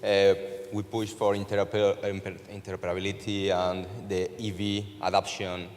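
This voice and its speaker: A man's voice: deep voice, completely flat delivery, moderate pace, a little mellow, slight background noise. A man from Spain with a Spanish accent, a company manager answering on a conference panel with hesitant, eager speech. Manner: hesitant, many filler sounds, eager. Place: conference stage in a large hall. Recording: long reverb of a large hall.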